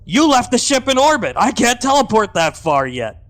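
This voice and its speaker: A man's voice: very high-pitched, big pitch swings, normal speed, pitched above the performer's own voice. Man doing a cheeky teenage witch girl. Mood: sassy. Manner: sassy, mocking retorts.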